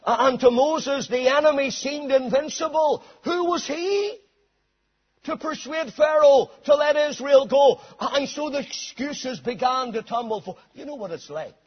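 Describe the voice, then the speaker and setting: A man preaching a sermon dramatically, swinging between hushed passages and shouted ones. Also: very high voice, a little slow. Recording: dull lo-fi sermon recording.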